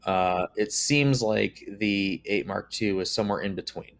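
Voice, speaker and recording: A man who is a guest expert on a tech livestream, talking in a measured way with many "uh"s and "um"s. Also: fairly low pitch, vocal fry. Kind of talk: casual livestream chat.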